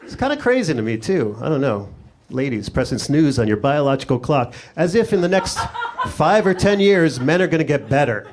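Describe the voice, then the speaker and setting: A man's voice: fairly high pitch, very animated, fairly quick. A middle-aged man doing a sarcastic stand-up set on a comedy club stage, talking into a handheld mic. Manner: sarcastic, riffing. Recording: noisy live club recording.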